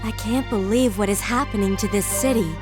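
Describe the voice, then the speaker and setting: An actress voicing a dismayed game heroine. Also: female voice, mid-range voice, brisk, lightly acted. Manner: repeats one dismayed line. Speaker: video game character. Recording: game audio with loud music behind.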